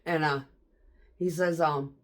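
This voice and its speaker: A middle-aged woman chats through a rambling story, swearing freely and breaking into laughter. Her voice sits a little low for a woman. She talks like she's catching up with a friend. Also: fairly even intonation, slow. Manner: chatty, profane, laughs often. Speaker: vlogger. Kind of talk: casual storytelling vlog.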